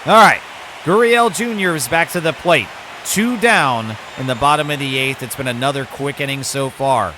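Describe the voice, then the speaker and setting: A man's voice: medium pitch, normal speed, sharp tone, slight background noise. Man doing playful game play-by-play. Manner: mock broadcaster calls mixed with muttered asides. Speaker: gaming YouTuber. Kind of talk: video game play-by-play commentary.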